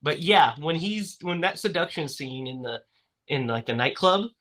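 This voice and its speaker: A man hosts a relaxed movie-review podcast, his voice sitting a little high with a bright, forward edge. He talks in loose, rambling runs, stumbling over restarts and fillers. He laughs easily between points. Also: normal speed. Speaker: podcast host. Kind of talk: casual movie-review chat.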